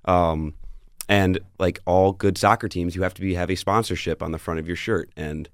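Deep-voiced young man, wry co-host. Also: steady tone, moderate pace, smooth, no echo, clean studio sound. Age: young adult. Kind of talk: casual sports picks chat.

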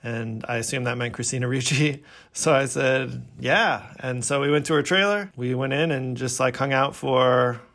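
A man's voice: mid-range voice, moderate pace, a bit bright. A man hosting a casual podcast chat, telling stories with dry jokes. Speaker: podcast host.

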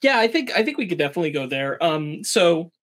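A man's voice: a little high, very animated, fast, a bit bright. A man co-hosting a casual TV review podcast, walking through plot points and recounting the characters' dialogue. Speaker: podcast co-host.

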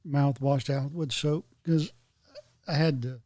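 A man's voice: fairly high pitch, fairly even intonation, slow, mellow, no echo, studio quality. A man co-hosting a casual chat, making wry, joking asides. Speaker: podcast co-host.

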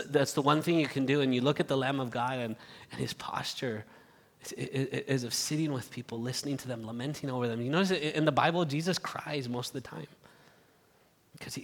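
A man preaching a sermon in a church, earnest and halting, swinging from loud appeals to hushed asides. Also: mid-range voice, breathy edge. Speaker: pastor. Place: church sanctuary. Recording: reverberant church hall.

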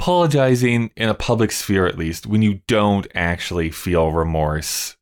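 Easygoing Canadian man, lowish voice. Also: lively intonation, normal speed. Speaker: podcast co-host. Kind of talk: casual chat.

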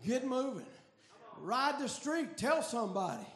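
High-voiced man preaching a shouted sermon. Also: very animated, measured pace. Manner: shouting, chanting cadence. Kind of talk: fiery revival sermon.

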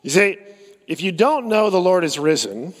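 A male pastor delivers a relaxed, storytelling sermon, often circling back on his words. His voice sits a bit high for a man. The sound rings with a long hall reverb. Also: moderate pace. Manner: storytelling, conversational, with fillers and repeats.

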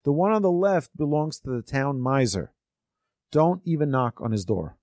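A helpful passerby, as a man puts him on gives plain, matter-of-fact directions in an everyday male voice. He speaks slowly. The sound is dry and close. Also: on the high side, lively intonation, a little mellow, dry recording, lightly acted.

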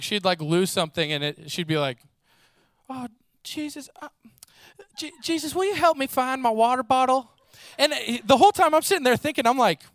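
Animated high-voiced male preacher. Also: dry recording. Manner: animated storytelling, acts out voices, casual fillers. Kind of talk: sermon.

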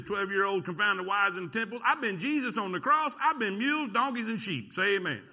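In a church sanctuary, a middle-aged pastor preaches a sermon with a high, breathy-edged voice. Animated and folksy, he tells a story and calls out to the congregation.

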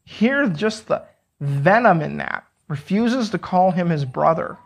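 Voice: medium pitch, animated, measured pace, vocal fry, husky. A preacher teaching on a Bible passage in a conversational way, retelling the story in everyday words and asking rhetorical questions.

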